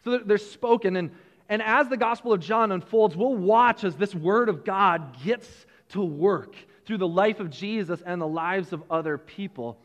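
A man preaching a sermon as pastor, animated, repeating words and chuckling between points. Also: sits high, normal speed, long reverb tail.

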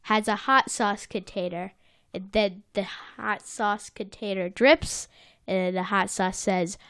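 A woman's voice: medium pitch, steady tone, slow pace, fairly bright tone, smooth, no echo. A woman co-hosting a casual chat, retelling a cartoon episode with giggles and whoosh sound effects. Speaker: podcast co-host recapping a cartoon episode.

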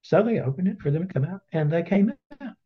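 Teaching a Bible study in a casual webinar, a man speaks at a quick pace with lively intonation, his slightly high voice swinging widely as he tells the story. He acts out the characters as he goes, and the lo-fi audio sounds dull.

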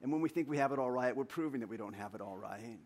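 A middle-aged man, a pastor, preaching a sermon with animated personal stories and earnest scripture reading. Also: medium pitch, fast talker. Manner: storytelling, animated anecdotes then earnest reading.

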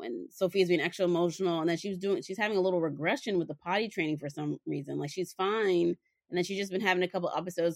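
A woman's voice: fairly low pitch, dry recording, studio quality. A young woman co-hosting a podcast in casual chat, animatedly telling stories and acting out her children's voices. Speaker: podcast co-host.

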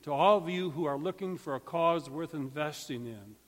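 Male pastor giving a sermon, highish voice, loud then soft, long churchy echo. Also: moderate pace. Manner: emphatic, swings between loud and hushed. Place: church sanctuary. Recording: long church hall reverb.

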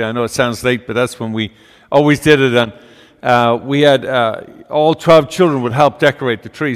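A man's voice: mid-range voice, big-room sound. An older man preaching a storytelling homily in a folksy way, with fillers and asides.

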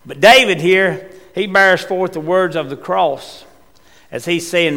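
Preacher, man, gravelly, impassioned swells and hushed drops, long church reverb. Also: high-pitched, unhurried. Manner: rising to impassioned cries, then dropping quiet. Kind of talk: sermon.

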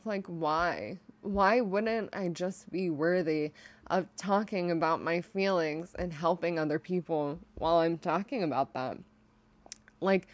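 Earnest low-pitched woman podcaster. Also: no room sound. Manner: earnest, heavy use of "like" as filler. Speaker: podcast host. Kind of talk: personal mindset podcast monologue.

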